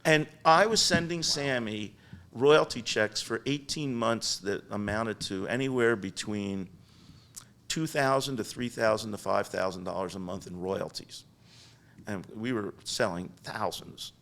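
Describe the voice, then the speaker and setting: Older male guest, chatty storyteller, mid-pitched, animated and rambling, podcast interview. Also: measured pace, gravelly. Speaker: guest business founder. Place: podcast studio.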